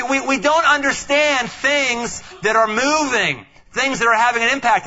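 A man preaching a sermon as pastor, animated, acting out quoted voices, often repeating words as he goes. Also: fairly high pitch, lo-fi sound.

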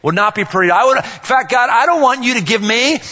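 Middle-aged male pastor, bright high voice, lively playful sermon delivery, recorded in a long-reverb hall with dull sound. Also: brisk. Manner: animated, playful, acts out dialogue with big pitch jumps.

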